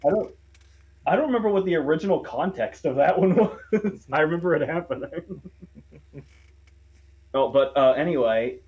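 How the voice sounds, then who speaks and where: A man's voice: fairly high pitch, animated, normal speed, long pauses, darkish tone, lo-fi sound. A man co-hosting a casual online chat show, joking and laughing often. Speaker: podcast co-host.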